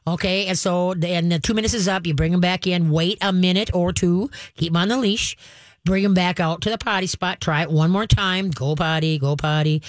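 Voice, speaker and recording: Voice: mid-range voice, steady tone, fairly quick, no room sound. A radio call-in host and dog trainer giving folksy, emphatic step-by-step advice to a caller.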